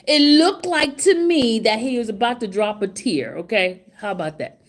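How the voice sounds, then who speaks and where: A middle-aged woman vlogging casual commentary outside a courtroom, excited and laughing, repeating herself. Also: on the high side, moderate pace. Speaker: trial vlogger. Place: outside a courtroom, hallway area.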